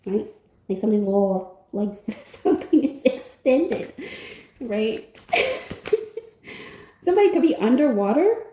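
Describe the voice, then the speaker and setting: High gravelly woman reading tarot. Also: dark tone, roomy sound. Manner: blunt, emphatic and casual, with swearing. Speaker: tarot card reader. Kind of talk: pick-a-pile tarot reading to viewers.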